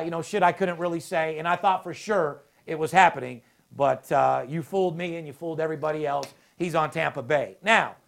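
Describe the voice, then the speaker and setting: A man's voice: on the high side, creaky, fairly bright tone. A man hosting a sports betting podcast, talking brashly and profanely, all hyped up. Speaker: podcast host. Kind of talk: casual sports betting talk.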